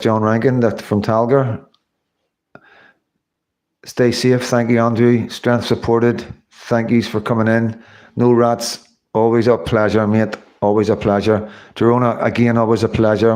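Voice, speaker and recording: A man's voice: on the low side, a little mellow. A tired man, hosting a casual livestream sign-off and thanking viewers by name. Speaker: livestream host.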